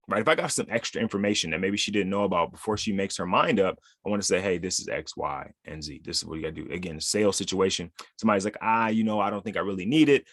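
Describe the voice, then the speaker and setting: A man's voice: lowish voice, fairly quick, fairly bright tone, no room sound, clean studio sound. A man hosting a podcast, talking casually and often checking in with the listener with "right?". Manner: conversational, lots of "right?" tag questions. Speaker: podcast host.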